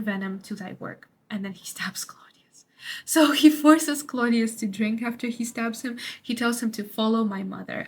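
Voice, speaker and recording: A woman's voice: on the high side, breathy edge. A woman tutor explaining a literature study guide in a casual way, sometimes acting out short quotes. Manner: casual paraphrase with acted quotes.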